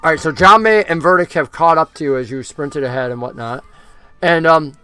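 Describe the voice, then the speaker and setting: A man narrating a tabletop role-playing game as game master, talking in a lively way and jumping into character voices. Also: fairly high pitch, fairly quick, smooth, no echo, soft background music.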